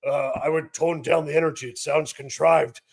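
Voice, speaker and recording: A man imitating a blunt, critical older male wrestling boss in a slow, flat, dismissive way. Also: on the high side, creaky.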